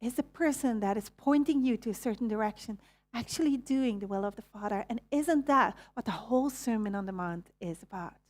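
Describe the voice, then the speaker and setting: A woman's voice: a little high, a little fast, darkish tone. Belgian woman preaching a casual sermon. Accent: Belgian Dutch. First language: Dutch. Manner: conversational, asks the audience questions; restarts and self-corrections.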